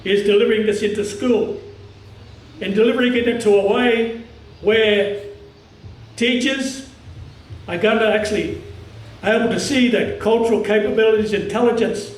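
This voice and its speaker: An Australian man from the Cairns region giving an impassioned public speech at a commemoration, talking strong and forceful in halting phrases. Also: high-pitched, echoey room, recorded from a distance, rough recording. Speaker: community speaker at a commemoration.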